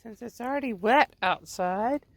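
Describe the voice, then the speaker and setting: A woman's voice: fairly high pitch, measured pace, dry recording. A woman vlogging from her camper van and campsite, chatting casually and coaxing her dog in a sing-song voice. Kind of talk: casual vlog chat.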